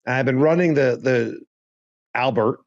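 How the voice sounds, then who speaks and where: A man's voice: mid-range voice, moderate pace, creaky, dull audio. A man co-hosting a podcast in casual chat, joking and rambling with restarts. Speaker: podcast co-host.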